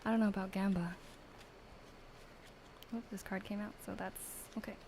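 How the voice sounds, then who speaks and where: A young woman reading tarot gently in a whispered role-play, soft and halting with many fillers. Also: medium pitch, steady tone, noisy background. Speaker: ASMR streamer reading tarot.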